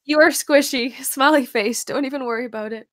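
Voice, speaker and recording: A woman's voice: high-pitched, fairly quick, dry recording, clean studio sound. A woman from Canada on a livestream, giggling and tearful as she reads chat messages aloud. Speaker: streaming guest.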